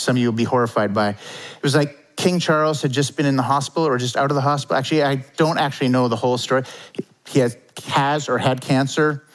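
A man's voice: medium pitch, low-quality recording. A man preaching a sermon as pastor, from Canada, talking loosely and conversationally with lots of "like" and "kinda".

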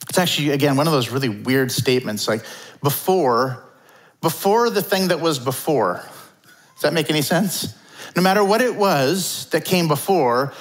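A man's voice: fairly high pitch, low-quality recording. Conversational male preacher. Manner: conversational, animated preaching with fillers and acted asides. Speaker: pastor. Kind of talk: sermon. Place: church hall before a congregation.

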